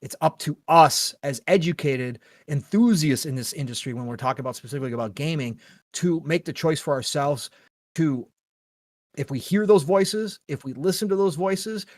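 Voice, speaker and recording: A man's voice: fairly high pitch, moderate pace, dry recording. A middle-aged man hosting a gaming podcast, talking in an earnest, rambling, opinionated way with casual swearing. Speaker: podcast host.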